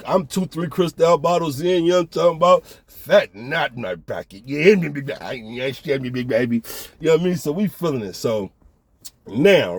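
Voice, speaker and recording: A man with a slightly high, somewhat mellow voice, recorded dry, hosts a casual storytelling session. He talks in a relaxed, slang-heavy way and keeps checking in with whoever's listening.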